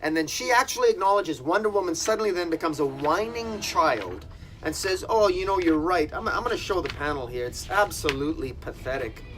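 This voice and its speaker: A man's voice: a little high, expressive, brisk. A man reviewing a comic book in a casual video, critical and exasperated, talking with many fillers and restarts.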